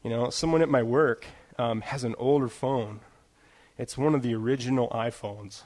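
Speaking at a medium pitch in a steady, slightly mellow tone, a male pastor delivers a conversational sermon. He leans on "you know" fillers, laughs at himself, and slows down for emphatic phrases that hammer home his points.

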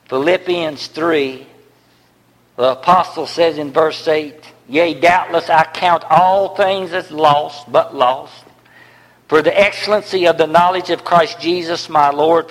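A man preaching a sermon, with emphatic repeated phrases that swing from loud declarations to hushed near-whispers. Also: a little high, fairly even intonation, slow. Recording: long reverb in a large hall.

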